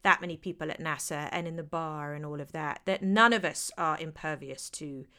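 A woman's voice: deep voice, fairly quick, smooth. A woman in her forties, an actor, chatting casually and telling stories with lots of laughter. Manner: lively, laughing storyteller. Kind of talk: casual conversation.

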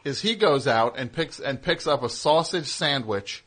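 A man's voice: medium pitch, lively intonation, moderate pace, a bit bright. Teasing, rambling male radio host. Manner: teasing, riffing in long rambling runs. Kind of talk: call-in comedy banter.

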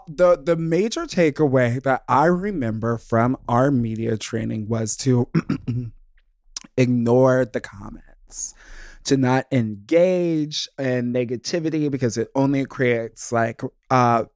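A man's voice: mid-range voice, no echo, clean studio sound. A man hosting a casual podcast chat in an upbeat way, laughing easily. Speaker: podcast host.

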